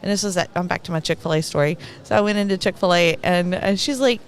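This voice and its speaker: A woman's voice: fairly low pitch, fast. A middle-aged woman with a Texan accent giving rambling, talkative live commentary at an event, laughing between thoughts.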